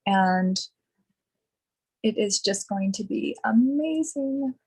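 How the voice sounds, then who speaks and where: A woman esthetician leads a skincare demonstration, gushing with enthusiasm over each product. She speaks very slowly at an ordinary pitch. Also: lively intonation, a little mellow, breathy edge, poor audio.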